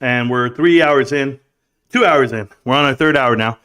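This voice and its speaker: A man's voice: mid-range voice, moderate pace, a bit bright, clear, resonant tone, soft background music. A man in his thirties hosting a live stream, reading chat aloud and joking in a rambling, casual way. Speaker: livestream host.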